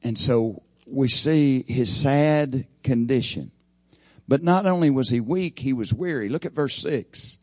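A man preaching a sermon, swelling loud and high for emphasis, then dropping to a hushed, slow delivery. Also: no room sound, studio quality.

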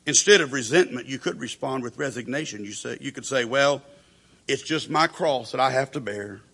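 Gravelly, bright-toned preacher. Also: male voice, medium pitch, normal speed. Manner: storytelling preacher who acts out quoted voices. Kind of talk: sermon.

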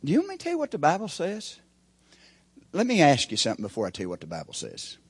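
Preaching a sermon in a husky voice, a man speaks fast with huge swings in pitch. He keeps checking in with his congregation through rhetorical questions, alternating loud, emphatic builds with hushed, low asides in a call-and-response style of rising and falling emphasis.

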